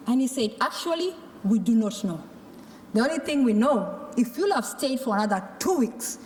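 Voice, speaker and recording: A woman's voice: medium pitch, a little mellow. A woman from a Maasai community speaks to a conference audience, telling her own survival story. She acts out the voices of her doctors and her mother as she goes. Her mid-range voice rings through a large hall with a long, roomy echo. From Kenya or Tanzania, Maasai community. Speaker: tuberculosis survivor giving testimony. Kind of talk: personal testimony speech.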